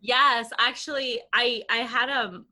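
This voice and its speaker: A woman's voice: a little high, fairly even intonation, bright, forceful tone. A woman in her thirties, a guest on a podcast, talking eagerly about her language program with lots of restarts and fillers. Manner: enthusiastic, quick, many restarts and "like". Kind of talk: casual podcast interview.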